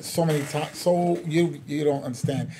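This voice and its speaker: A man's voice: fairly high pitch, normal speed, over a noisy crowd. A man from the Bronx, co-hosting a podcast and throwing in joking remarks. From the Bronx, New York. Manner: lively, joking interjections. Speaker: podcast co-host. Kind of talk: casual chat.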